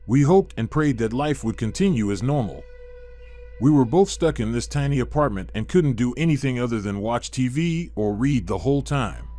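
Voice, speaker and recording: A man calmly reading a first-person horror story as scripted narration. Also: mid-range voice, normal speed, soft background music.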